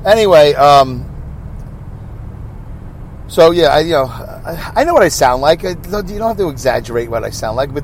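A man's voice: a little high, lively intonation, normal speed, pauses often. Rambling man hosting his podcast. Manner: chatty, rambling, wry. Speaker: podcast host. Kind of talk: casual rambling monologue. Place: on the road with passing motorcycles. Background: passing traffic.

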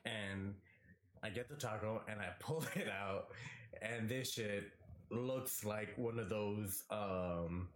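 A young man telling a story in casual chat, animated, swearing freely and acting out the voices of people he quotes. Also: fairly low pitch, slow. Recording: echoey room.

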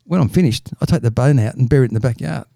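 A man's voice: mid-range voice, very fast, vocal fry, warm tone, no room sound, clean studio sound. A middle-aged man with an Australian accent, telling long rambling jokes in a casual chat and stumbling over repeated words. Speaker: podcast regular telling jokes.

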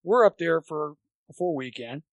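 A man, a former college baseball coach, chatting as a guest and telling long, animated anecdotes. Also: on the high side, moderate pace, dry recording. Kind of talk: rambling anecdotal storytelling.

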